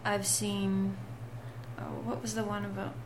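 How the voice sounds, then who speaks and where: A woman's voice: mid-range voice, level tone, unhurried, slight background noise. A woman co-hosting a casual podcast chat, giving chatty asides and short replies. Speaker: podcast co-host.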